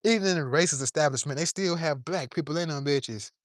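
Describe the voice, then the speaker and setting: A man's voice: fairly high pitch, fast, dry recording, clean studio sound. A man giving an impassioned, profane monologue to camera from his yard, preaching in plain street talk while a little under the weather. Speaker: vlogger.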